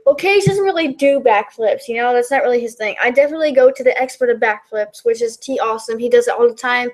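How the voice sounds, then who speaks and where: Here the backyard wrestling YouTuber talks fast, her voice a little high. She reads questions out and responds in a loose, meandering way, with many fillers and restarts.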